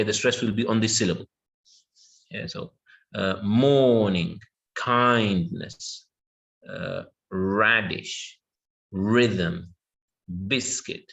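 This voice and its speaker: A man's voice: medium pitch, fairly bright tone. A man teaching English pronunciation in an online lesson, patiently repeating words and checking with his students. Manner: patient, repeats words slowly with many yeahs and okays.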